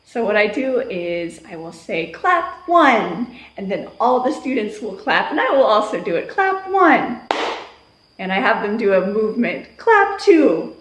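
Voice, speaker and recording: A woman teacher explaining classroom attention getters in a calm voice, breaking into loud sing-song calls to her class. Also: mid-range voice, fairly quick, hardly any pauses, slight background noise. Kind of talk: instructional talk on classroom routines. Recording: echoey room.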